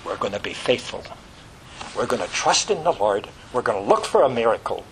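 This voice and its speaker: A man's voice: medium pitch, sing-song, a little fast, a bit bright, a little hiss or hum, poor audio. A man preaching an earnest, fervent sermon that ends in prayer.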